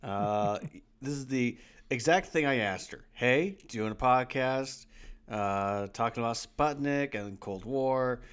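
A man's voice: mid-range voice, slow pace, a bit bright, smooth. A man co-hosting a casual rewatch podcast, rambling and laughing as he retells scenes. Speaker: podcast co-host.

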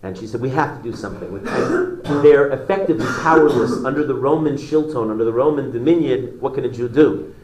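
A man teaching a religious class, retelling a story in a halting way with many restarts. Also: medium pitch, reverberant, a crowd in the background, rough recording.

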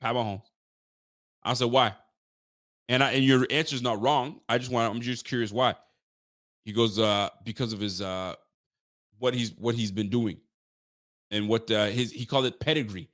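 A man's voice: mid-range voice, moderate pace, long pauses. A man hosting a casual live sports talk show, talking emphatically to his viewers and often restarting his sentences. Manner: excitable, emphatic, frequent restarts; chats directly to live viewers. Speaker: sports fan show host.

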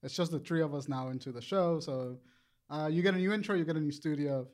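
A man's voice: on the high side, fast talker, darkish tone. A man who learned English as a second language, co-hosting a casual podcast chat and swearing freely. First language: Spanish. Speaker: podcast co-host.

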